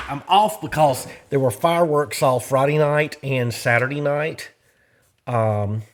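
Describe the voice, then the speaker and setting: Man, northwest Louisiana Southern accent, lowish voice, folksy drawl, rambling casual monologue, garage host. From Shreveport, Louisiana. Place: home garage.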